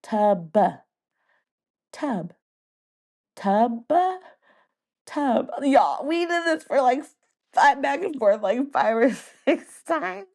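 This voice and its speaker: A woman who hosts a podcast and teaches first grade, telling a casual story with lively delivery, frequent laughter and playful mimicry of words. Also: high-pitched, a little slow, vocal fry.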